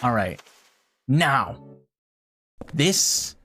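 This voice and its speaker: A game streamer giving casual live commentary, talking a puzzle through out loud and swearing often in frustration. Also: medium pitch, very animated, very slow, slight background noise.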